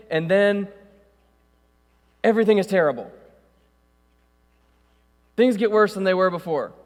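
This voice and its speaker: A male pastor preaching a sermon in a church, reading scripture and then explaining it casually with fillers. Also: sits high. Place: church sanctuary. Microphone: stage microphone with echo. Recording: hall reverb in church.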